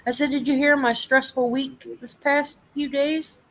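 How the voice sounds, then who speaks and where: A young woman with a high-pitched voice tells a story in a casual live chat, speaking a little slowly over a rough recording. She swears freely and acts out the people she quotes, keeping the storytelling profane and animated.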